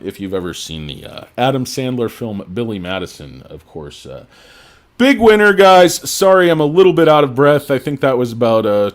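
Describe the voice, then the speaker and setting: A man hosting a casual livestream about stocks, talking emphatically and rambling with plenty of fillers, swinging from loud, punchy lines to mumbled asides. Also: lowish voice. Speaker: livestream host.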